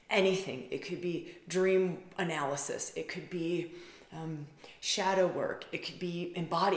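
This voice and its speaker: A woman's voice: on the low side, a little mellow, reverberant. A woman who works as a spiritual facilitator, talking in a rambling, intimate way and repeating words for emphasis. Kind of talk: casual monologue.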